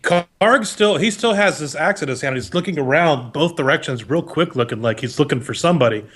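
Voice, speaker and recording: A man narrating as dungeon master of a tabletop game, relaxed and a little hesitant. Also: a little high, brisk, husky.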